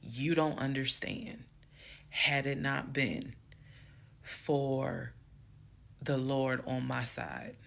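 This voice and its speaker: Woman with a gravelly, creaky voice for a storytime vlog; casual, speaks straight to viewers, heated and emphatic. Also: very deep voice. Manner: emphatic, swings loud and fast when heated; addresses viewers as "y'all". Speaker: storyteller recounting her marriage.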